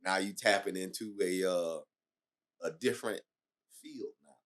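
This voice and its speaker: A man hosting a podcast, asking halting, rambling questions with many fillers. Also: sits low, a bit bright. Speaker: podcast host. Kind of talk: casual interview talk.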